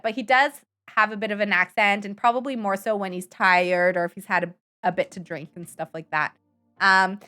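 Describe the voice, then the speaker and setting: A woman's voice: medium pitch, bright, forceful tone. A woman chatting casually and rambling on while she livestreams a game and answers viewers' chat. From Canada. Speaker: live streamer.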